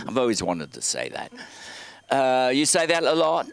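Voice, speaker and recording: Man in his thirties, comedy host, smooth clear voice, lively pitch, teasing crowd work. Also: no room sound. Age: 30s. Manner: teasing, halting. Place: comedy club stage.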